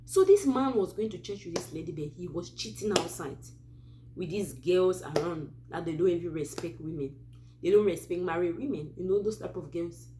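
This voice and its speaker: Hosting a Christian advice channel, this woman from Cameroon recounts a true story in Cameroonian-accented English, relaxed and lively and packed with side comments. She speaks at a fairly low pitch over some background noise.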